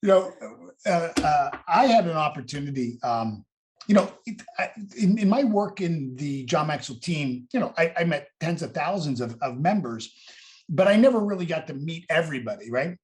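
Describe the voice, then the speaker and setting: A man hosting a casual interview over a video call, enthusiastic and laughing often, stumbling into quick restarts. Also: on the high side, lively intonation. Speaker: host.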